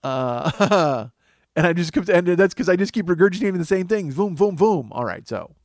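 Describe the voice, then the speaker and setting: A man's voice: sits high, expressive, normal speed, a little mellow, dry recording. Rambling, self-mocking male podcast comedian. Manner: rambling, self-mocking, loses his train of thought. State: tired from lack of sleep. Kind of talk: rambling solo comedy monologue.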